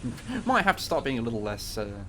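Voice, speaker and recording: A man's voice: mid-range voice, sing-song, brisk, bright, forceful tone, a little hiss or hum. A man streaming a game, chatting casually with a co-host, rambling and swearing, with lots of fillers. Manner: rambling, profane, full of fillers. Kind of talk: casual gaming chat.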